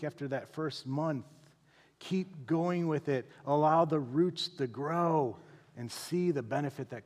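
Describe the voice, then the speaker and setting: A middle-aged man preaching from the pulpit in a casual, talky way. He repeats key phrases and keeps checking in with a quick "right?" The sound carries a long reverb from the church hall. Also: mid-range voice. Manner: conversational preaching, frequent tag question "right?". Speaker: pastor. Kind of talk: sermon. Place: church sanctuary.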